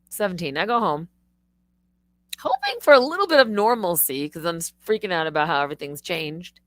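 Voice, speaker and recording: A middle-aged woman rambles through a casual live-stream monologue, swearing and restarting her sentences as she goes. Her voice sits fairly low, and the close mic keeps the sound dry and near. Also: fairly bright tone, no room sound.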